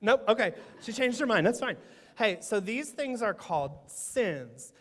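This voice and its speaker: A man's voice: high-pitched, very animated, a little slow, fairly bright tone. A man leading a playful children's sermon in church, teasing and quizzing the kids. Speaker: children's pastor. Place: church sanctuary. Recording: echoey church sanctuary.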